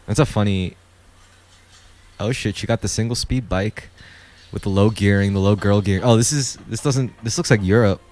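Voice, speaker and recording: A man's voice: lowish voice, normal speed, darkish tone. A man co-hosting a podcast, chatting loosely and profanely while reacting to music videos. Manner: loose, profane, wandering commentary. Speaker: podcast co-host. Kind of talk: casual chat while watching music videos.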